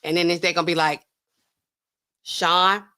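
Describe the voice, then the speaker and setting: Speaking at normal speed with a medium-pitched, expressive, fairly bright voice, a woman hosts a casual pharmacy commentary. She skims drug documents, reads them out, and keeps asking "okay?"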